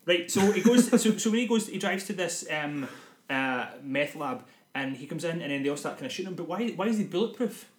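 A man's voice: a little high, expressive, brisk. A man, co-hosting a podcast and rambling as he retells a film in casual chat. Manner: rambling, self-correcting storytelling. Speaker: podcast co-host. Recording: roomy echo.

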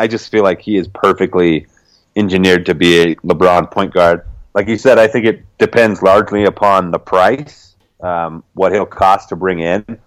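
A young man co-hosting a casual podcast, relaxed, laughing often and dotting his talk with fillers. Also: low voice, no echo, low-quality recording. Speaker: podcast co-host.

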